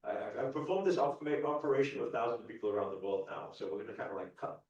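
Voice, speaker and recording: A man giving an animated, repetitive motivational talk to a live audience, chuckling often. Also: mid-range voice, fast. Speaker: spiritual coach. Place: large event ballroom. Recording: echoey dull hall sound from far off.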